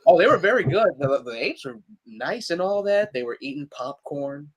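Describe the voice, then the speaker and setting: A man's voice: on the high side, big pitch swings, moderate pace, rough recording. A man co-hosting a live podcast, chatting casually and laughing often. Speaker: podcast co-host. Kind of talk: casual chat.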